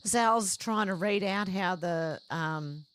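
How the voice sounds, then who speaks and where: A livestream host reads viewers' chat comments one after another, adding short conversational reactions of her own. Her lowish voice is a bit bright, and she takes it slowly.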